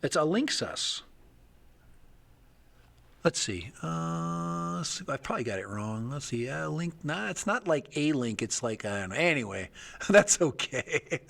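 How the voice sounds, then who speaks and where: A man's voice: fairly high pitch, very animated, unhurried, creaky, a bit bright. A middle-aged man hosting a casual livestream, rambling and thinking aloud with chuckles. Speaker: livestream host.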